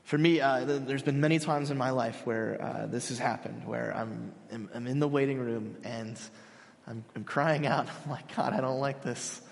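A young man in his twenties preaching a sermon, earnest and halting, with frequent restarts. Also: medium pitch, vocal fry, big-room sound. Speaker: pastor.

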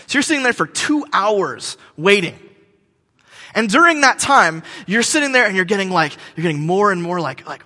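A man's voice: sits high, animated, brisk, bright, forceful tone. A man in his thirties preaching a sermon in a church hall, telling jokes and stories, with many fillers and restarts. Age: 30s. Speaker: pastor. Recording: long hall reverb.

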